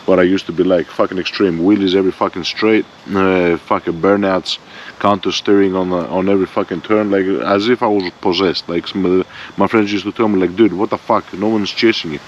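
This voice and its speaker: A man's voice: low voice, fairly even intonation, brisk. A man in his forties ranting bluntly and profanely in a rambling motorbike vlog, recorded outdoors on a bike-mounted camera. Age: 40s. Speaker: motorbike vlogger. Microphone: bike-mounted front camera. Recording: dull lo-fi sound, faint vehicle noise.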